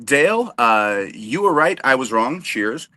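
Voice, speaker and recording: A man's voice: mid-range voice, sing-song, a little slow, pushed and bright. A man co-hosting a casual sports podcast, cracking dry self-deprecating jokes. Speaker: co-host.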